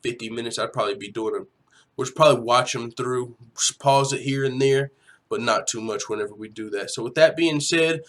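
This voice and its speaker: A man's voice: medium pitch, fairly quick, a bit bright. A young man hosting a casual livestream from home, talking loosely, swearing freely and reading viewers' chat aloud. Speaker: livestream host.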